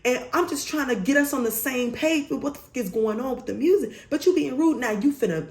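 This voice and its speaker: A young woman vlogger telling a storytime story in an animated, emphatic way, swearing freely. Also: high-pitched, brisk, hardly any pauses. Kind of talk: storytime vlog. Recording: roomy echo.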